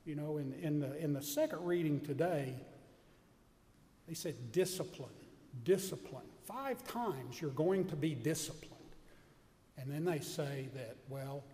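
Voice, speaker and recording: A man's voice: a little high, animated, unhurried, dark tone, in a large hall. A man giving a homily, telling a funny story full of quoted dialogue.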